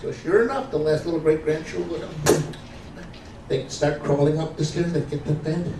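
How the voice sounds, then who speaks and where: A man's voice: fairly high pitch, fairly even intonation, normal speed. A man doing standup comedy, telling jokes in a chatty, old-school storytelling way. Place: performance night venue. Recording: roomy, distant mic, noisy.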